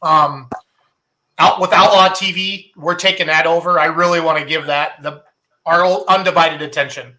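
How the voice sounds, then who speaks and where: Upbeat joking man, bright voice. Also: on the high side, fairly even intonation, normal speed. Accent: Wisconsin. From Iowa, raised in Wisconsin. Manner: jokey, upbeat, laughs often. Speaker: podcast host. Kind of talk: casual chat.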